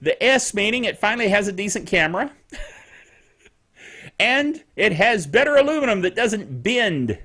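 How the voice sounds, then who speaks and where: A man's voice: sits high, sing-song, normal speed, pauses often, bright, forceful tone. A middle-aged man hosting a tech netcast, rambling and chatty with frequent self-amused chuckles. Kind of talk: casual tech news commentary.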